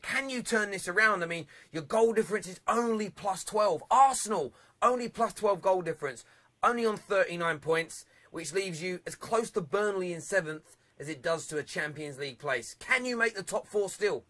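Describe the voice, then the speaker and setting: Bright-voiced male phone-in host. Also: fairly high pitch. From England. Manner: chatty, upbeat, quick to laugh. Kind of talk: live football phone-in hosting.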